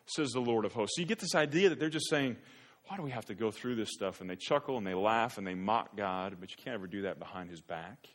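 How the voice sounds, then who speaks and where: A man preaching a sermon as pastor, animated, often raising his voice to mock the voices of complainers. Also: on the low side, fast.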